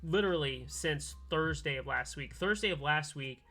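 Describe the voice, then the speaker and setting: A man with a bright, forceful voice that sits a little high, chatting casually on a live stream. He tells a story with animation, acting out each side of the calls. Soft music plays behind him. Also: moderate pace. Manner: animated storytelling, acts out both sides of calls. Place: home workbench, soldering keyboards.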